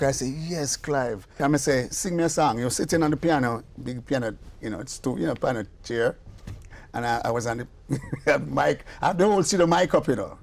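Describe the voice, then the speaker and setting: An older man with a Jamaican accent and a creaky, fairly high voice tells stories as a guest musician and producer in a casual interview. He's lively, acting out each character's dialogue as he goes.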